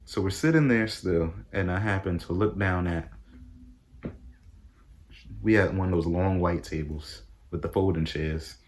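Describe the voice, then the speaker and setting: A young man tells a casual vlog story and acts out his own reactions, jumping into high-pitched exclamations. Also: a little slow, long pauses, a little hiss or hum. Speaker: vlogger.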